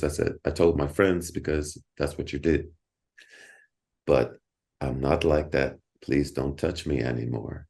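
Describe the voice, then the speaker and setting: A middle-aged man appears as a podcast guest, telling a story in casual conversation. He's animated, repeats words, and laughs often. His voice rumbles low with some vocal fry, and his pace is a little slow.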